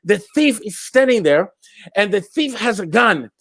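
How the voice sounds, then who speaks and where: A Brazilian-accented storyteller man whose voice sits high for a man. He talks in a lively way and laughs often. The sound is dry and close, as on a video call. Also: measured pace, no room sound. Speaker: storyteller guest. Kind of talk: animated storytelling in a chat.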